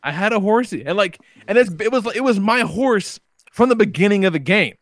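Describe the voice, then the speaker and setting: A man's voice: high voice, expressive, fairly quick, no room sound. A young man hosting a podcast, telling a game story in casual chat, swearing and acting out quotes. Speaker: podcast host.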